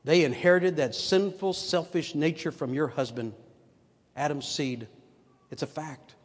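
A man's voice: fairly high pitch, a little slow. An older man preaching a sermon, earnest and full of rhetorical questions to his listeners. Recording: long hall reverb.

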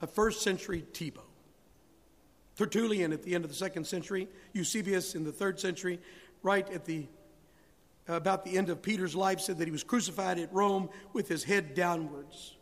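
A man's voice: high-pitched, normal speed. A man preaching a sermon with rising emphasis, acting out biblical dialogue. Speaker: pastor. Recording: long hall reverb.

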